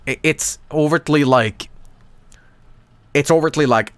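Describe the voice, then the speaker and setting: A male streamer giving profane live commentary, rambling and stammering through repeated words, with sudden jumps in pitch. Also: lively intonation, normal speed, a bit bright, no echo.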